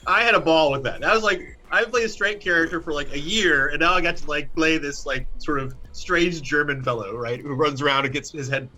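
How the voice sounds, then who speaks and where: A man's voice: a little high, a little fast, hardly any pauses, bright, forceful tone, rough recording. A man in a casual chat, recalling a character he played in a genial, playfully grand way.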